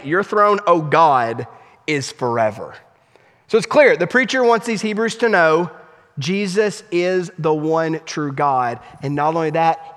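A man preaching a sermon as pastor, emphatic, swinging between raised urgent lines and hushed low stresses. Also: big-room sound. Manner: emphatic preaching with sweeping pitch and volume swings, drops to near-hush for stress.

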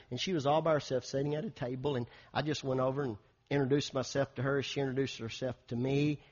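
A man preaching a sermon, calling out "Amen?" and swinging from loud urging to soft storytelling. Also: mid-range voice, breathy edge, highs cut off. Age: 50s. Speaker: pastor.

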